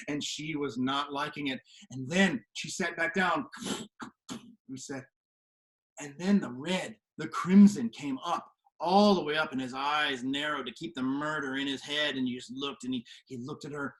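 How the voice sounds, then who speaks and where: A man telling a story to the camera from his home kitchen, animated and swinging from hushed to loud. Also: on the high side. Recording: echoey kitchen room.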